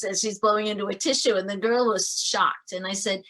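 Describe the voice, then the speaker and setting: A woman's voice: mid-range voice, brisk, hardly any pauses. Middle-aged woman guest, ex-teacher, earnest storyteller, mid-range voice. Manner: earnest, animated storyteller with many restarts. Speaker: podcast guest, author and former teacher. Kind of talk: storytelling in a podcast interview.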